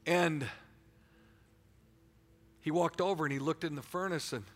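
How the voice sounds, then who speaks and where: In a church sanctuary, a man with a slightly high voice delivers a sermon a little slowly, each phrase trailing into a long reverb tail. His style is lively and colloquial, and he frequently repeats and restarts words and trips over them.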